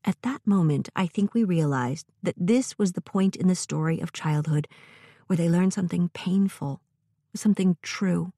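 A woman narrates a story in a gentle, measured way. Her voice sits a little low and sounds mellow and soft-edged. The recording is close and dry, with no room sound. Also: no echo.

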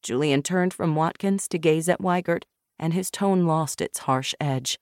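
A narrator reading a novel aloud in a measured, even manner, close to the microphone. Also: mid-range voice, clean tone, no echo. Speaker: audiobook narrator. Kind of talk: scripted narration.

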